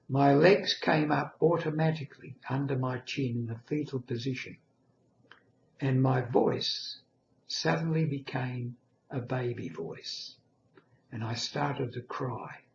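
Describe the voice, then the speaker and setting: A man's voice: mid-range voice, a little slow, vocal fry, slight background noise. An elderly man in his eighties telling a personal story in an earnest, reflective monologue. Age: 80s. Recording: echoey lo-fi room recording.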